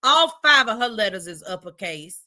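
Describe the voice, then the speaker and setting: Give me a playful woman livestream host, reading comments in a bright, lively voice. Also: medium pitch, moderate pace. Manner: chatty, reads viewer comments aloud, playful. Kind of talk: casual livestream chat.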